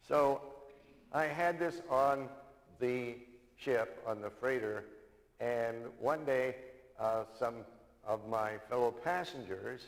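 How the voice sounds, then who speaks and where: An older male minister preaches in an easy storytelling way, repeating his main points for weight. His voice sits at an everyday pitch and carries a long hall reverb around it. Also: slow pace. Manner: storytelling, repeats key lines for emphasis. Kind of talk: sermon.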